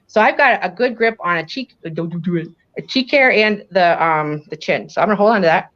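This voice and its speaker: A woman with a Western New York accent, a professional dog groomer, giving a chatty, animated grooming demonstration and checking in with "okay?" as she goes. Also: lowish voice, a little fast. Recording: dull lo-fi audio.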